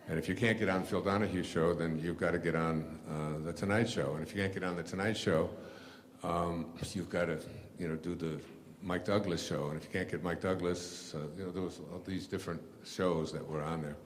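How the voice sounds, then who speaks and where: A man telling stories to an audience in a rambling, halting way, with many fillers and restarts. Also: low voice, fairly even intonation, long reverb tail, slight background noise. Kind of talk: storytelling lecture.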